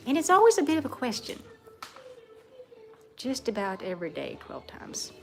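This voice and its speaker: A woman's voice: fairly high pitch, wildly swooping pitch, normal speed, vocal fry, faint music behind. A woman co-hosting a playful live cooking chat in a home kitchen, teasing and mock-genteel in a put-on Southern drawl. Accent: put-on Southern American drawl. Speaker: co-host.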